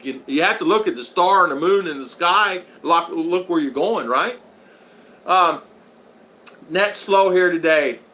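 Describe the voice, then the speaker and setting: A man in his sixties hosts a casual livestream, reading viewer comments aloud in a rambling, folksy, joking way. His voice is fairly high and sharp-toned, a little slow, and the recording is rough.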